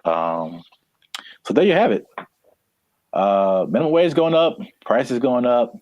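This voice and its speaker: A man co-hosting a casual podcast, rambling with lots of fillers and quick laughs. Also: mid-range voice, big pitch swings, darkish tone, muffled recording. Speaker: podcast co-host. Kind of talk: casual chat.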